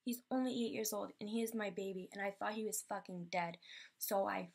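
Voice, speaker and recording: A woman's voice: medium pitch, fairly even intonation, a little fast, creaky, a little mellow. A young woman telling personal stories in a Q&A vlog, rambling and emotional with many fillers. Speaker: vlogger.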